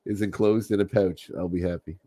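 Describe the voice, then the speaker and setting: A man co-hosting a podcast in casual chat, animated and quick to laugh, often restarting his sentences. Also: sits low, a crowd in the background. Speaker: podcast co-host.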